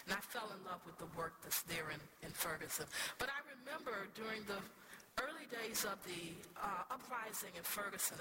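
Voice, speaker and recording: A woman's voice: mid-range voice, heavy background noise. A woman scholar preaching a storytelling sermon with impassioned, rhetorical repetition to a church congregation. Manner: impassioned and rhetorical, with repeated phrases. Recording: loud background ambience.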